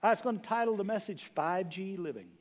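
A pastor preaching a sermon to his congregation, swinging between loud exclamations and hushed, intimate lines, with casual asides. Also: high voice, expressive, quick pace. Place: church sanctuary.

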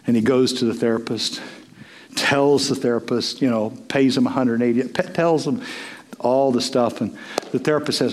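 A man preaching a sermon as pastor, telling stories in an animated way with voiced asides. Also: mid-range voice, normal speed. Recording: long hall reverb.

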